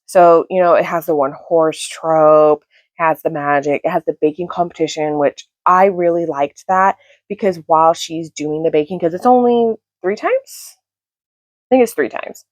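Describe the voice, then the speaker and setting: A woman's voice: sits low, moderate pace, no echo. A woman in her thirties, a book vlogger, chatting casually and gushing with many fillers, at first whispering so as not to wake her household. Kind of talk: casual chat.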